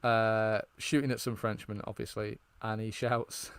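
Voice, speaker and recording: A British man co-hosts a podcast, chatting casually and telling stories with energy, quoting film lines he finds funny and laughing at them. His voice is lowish and clean, his pace measured, with no room sound.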